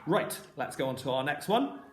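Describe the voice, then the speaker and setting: A southern English man teaches primary-school phonics in a bright, sing-song voice that swoops up and down. He sounds like he is in an echoey room, with a faint hum of ambience behind him. He throws in playful asides as he goes. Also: fairly high pitch, animated, normal speed. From southern England. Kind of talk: phonics lesson for children.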